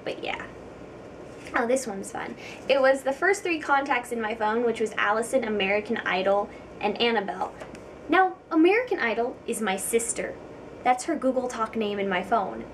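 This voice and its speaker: A young woman chats casually to camera in a giggly, self-deprecating way, dropping plenty of ums. Her voice sits a little higher than average. She is some distance from the mic, and faint background noise hangs under the recording. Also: lively intonation, normal speed. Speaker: vlogger.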